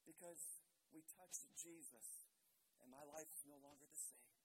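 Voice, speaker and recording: A man's voice: a little high, sing-song, a little slow, creaky, a little mellow, slight background noise, rough recording. A man pastor preaching a sermon with an impassioned, repetitive cadence, leading into prayer. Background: music.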